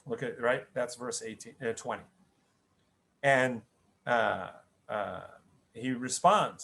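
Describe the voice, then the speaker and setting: A man's voice: medium pitch, slow pace, vocal fry, long pauses, fairly bright tone. A middle-aged man, a rabbi, giving a conversational spoken Torah lesson, often restarting his sentences and checking in with "right?". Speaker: rabbi teaching the weekly Torah portion.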